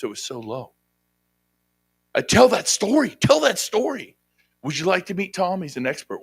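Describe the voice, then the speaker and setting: A man giving a high-energy motivational sales seminar talk, often shouting out to the audience. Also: husky, no echo. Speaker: seminar speaker. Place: hotel conference room.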